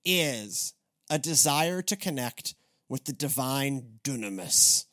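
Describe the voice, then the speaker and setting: A man hosting a church podcast in casual chat, rambling with restarts and animated asides. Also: mid-range voice, slow. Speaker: podcast host.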